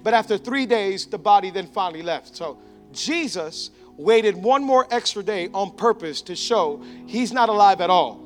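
A male pastor preaching an animated sermon in a church, acting out the characters he describes. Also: high-pitched, moderate pace, soft background music. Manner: animated, acts out biblical characters.

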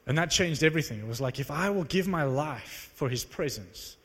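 A man preaching to a live audience, telling a story in an animated, conversational, self-mocking way. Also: fairly high pitch, fairly quick, husky. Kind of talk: sermon storytelling. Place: large hall with live audience. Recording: long reverb of a large hall.

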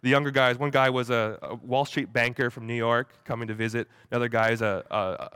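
A young man tells a story in a halting way, repeating words as he goes. His voice sits at an ordinary pitch. The sound is close and dry, with no room around it. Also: fairly even intonation, fairly bright tone, clear, resonant tone, dry recording. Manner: acts out quoted voices animatedly. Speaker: speaker at a church gathering. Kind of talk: storytelling talk.

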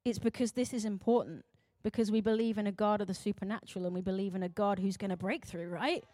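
A young adult woman pastor, preaching emphatically, swinging between loud urgent calls and quiet intense moments. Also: medium pitch, fairly even intonation, fast talker, no echo. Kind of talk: sermon.

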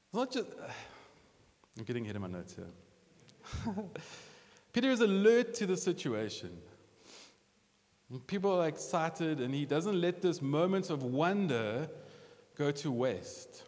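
Animated male preacher in a reverberant hall. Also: a little high. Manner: animated, conversational preaching with quick restarts. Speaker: pastor. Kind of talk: sermon.

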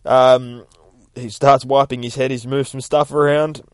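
A man's voice: mid-range voice, flat delivery, a little slow, a little mellow, no echo. A man casually recapping and reviewing a comic book in a rambling, sweary way.

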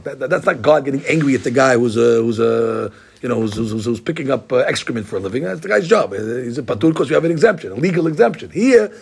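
A man teaching a Talmud class in an animated, repetitive way, dropping Hebrew and Aramaic terms into his speech. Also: medium pitch, creaky, slightly rough. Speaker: Torah teacher.

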